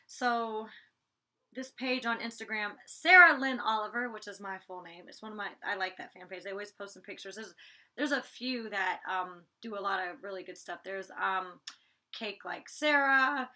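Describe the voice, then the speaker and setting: A reality show cast member casually recaps an episode she appeared in, chatty and packed with "like"s and restarts, even pausing to talk to her dog partway through. Her voice sits a little high, with a sharp tone and normal speed.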